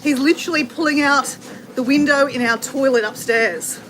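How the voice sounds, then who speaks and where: A high-pitched Australian woman, middle-aged, chats with her viewers while walking on a treadmill. She answers their comments in a casual, friendly flow and sounds a little effortful from walking. Background noise sits clearly behind her. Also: moderate pace, a bit bright. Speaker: livestream host. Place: home with renovation banging. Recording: noisy background with banging.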